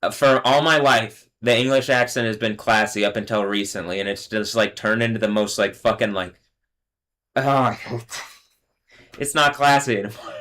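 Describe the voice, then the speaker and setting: A man's voice: on the low side, normal speed, fairly bright tone. A man hosting a solo livestream, ranting bitterly and profanely, often trailing off and restarting mid-sentence. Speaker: livestream host.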